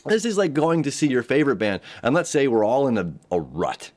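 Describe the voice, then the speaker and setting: A man's voice: mid-range voice, big pitch swings, a little fast, a little mellow. A man giving a casual spoken astrology forecast, rambling with frequent restarts and acting out quoted voices.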